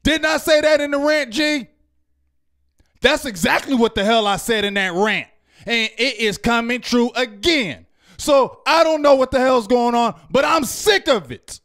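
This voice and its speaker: A man co-hosting a fan show, ranting loudly and heatedly after a game and asking "you feel me?" over and over. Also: very high voice, unhurried. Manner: loud, fired-up ranting with repeated "you feel me?". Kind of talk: heated postgame rant.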